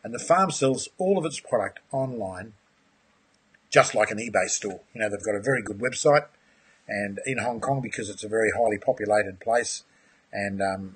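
An aquaponics course instructor with a lowish, breathy-edged voice presents a live webinar. Friendly and enthusiastic, he answers viewers' questions and calls them mate.

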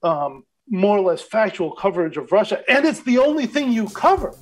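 A male media critic appears as a guest on an interview show, speaking thoughtfully in a conversational way, hedging often and restarting sentences. His voice is high and slightly rough, with big pitch swings and a moderate pace.

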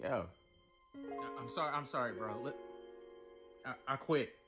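A man acting in a comedy sketch, talking in a tired, halting way and stammering as he quits. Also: mid-range voice, over music.

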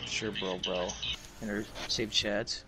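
A young man joking and making quick callouts while gaming with friends. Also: on the low side, flat delivery, loud music behind the voice, rough recording. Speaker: gamer in voice chat. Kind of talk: casual gaming banter.

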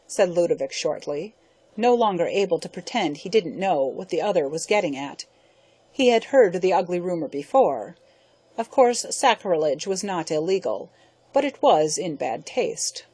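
A woman narrating a science fiction audiobook in a steady, measured reading. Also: fairly low pitch, breathy edge, dry recording. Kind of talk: scripted narration.

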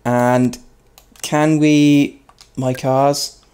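A man commenting on his own racing gameplay, joking at his own expense and yelping loudly when he crashes. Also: level tone, extremely slow, clear, resonant tone. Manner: self-mocking, yelps high when crashing. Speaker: gaming YouTuber. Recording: loud background noise.

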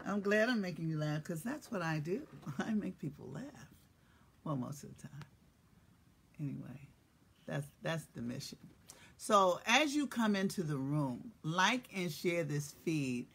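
A woman's voice: low-pitched, animated, unhurried, creaky, a bit bright, breathy edge. A middle-aged woman hosts a casual morning live stream, teasing, profane and playful, greeting viewers by name. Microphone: phone or webcam live stream.

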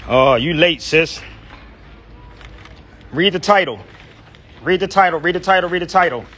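A man's voice: a little high, normal speed, bright, forceful tone, slight background noise. Slangy American man vlogging on the street. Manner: loose, slangy, chatty. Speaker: travel vlogger. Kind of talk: casual street vlog. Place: outdoors on a city street. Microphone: phone camera.

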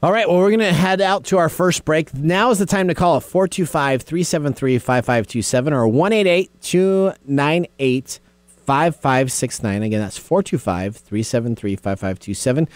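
A man hosting a casual radio tech talk show, chatty and quick to laugh as he reads emails aloud. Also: a little high, no echo.

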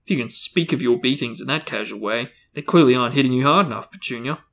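Guy doing loud bossy aunt voice, booming and barky, kinda gravelly. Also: quick pace. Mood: booming, scolding. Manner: booming, barking delivery. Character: loud bossy middle-aged aunt, domineering and harsh.

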